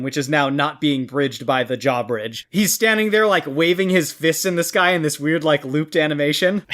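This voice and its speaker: A man narrating a tabletop game as game master in a relaxed, descriptive way. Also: fairly high pitch.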